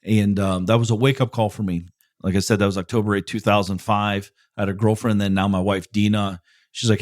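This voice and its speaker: With a fairly low pitch and flat delivery, this middle-aged podcaster talks fast, answering listener questions in an informal motivational monologue. He curses freely, speaks bluntly, and is openly emotional about personal matters. The studio recording is clean and echo-free.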